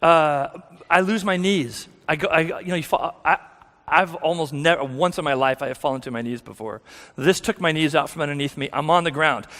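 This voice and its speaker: A man with a slightly high, somewhat bright voice talks fairly quickly as he gives a candid testimony at church, poking fun at himself and frequently starting over. The sanctuary adds a long, echoing reverb.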